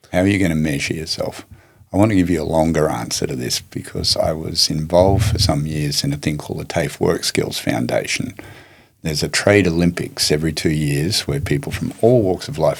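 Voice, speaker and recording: Male guest, low husky voice, reflective storyteller. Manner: reflective, unhurried anecdotes with many restarts. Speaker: martial arts teacher and guest. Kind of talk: storytelling in a podcast interview.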